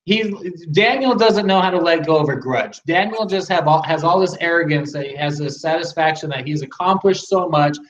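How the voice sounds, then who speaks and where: A man's voice: a little high, normal speed, hardly any pauses. A man co-hosting a podcast, arguing his point about a show in a sarcastic, casual way. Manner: argumentative, sarcastic. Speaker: podcast co-host. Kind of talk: casual film discussion. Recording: echoey dull-sounding mic.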